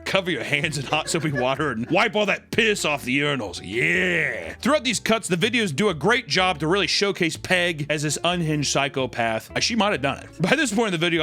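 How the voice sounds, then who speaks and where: A young man giving comedic reaction commentary on an old video, crude and animated. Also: fairly high pitch. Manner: crude, animated, does mocking voices. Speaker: commentary host.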